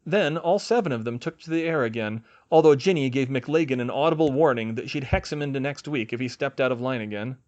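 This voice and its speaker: A man narrating a fan fiction audiobook in a steady, even storytelling manner. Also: mid-range voice, a little fast, few pauses, dull audio.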